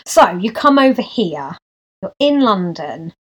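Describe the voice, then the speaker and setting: A woman's voice: mid-range voice, very animated, a little slow, slightly rough. A woman hosting a casual interview, asking questions with frequent laughs.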